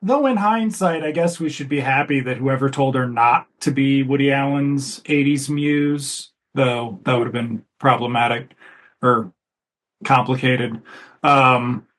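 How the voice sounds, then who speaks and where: A man's voice: medium pitch, steady tone, a little slow, fairly bright tone. A man co-hosting a casual movie commentary, rambling and chatty, swearing offhandedly. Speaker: podcast co-host.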